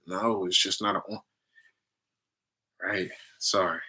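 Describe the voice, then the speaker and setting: A man hosting a casual spiritual talk with his community, animated and preachy, often checking in with "right?" and "family.". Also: low voice, measured pace, pauses often. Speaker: livestream host talking to his community.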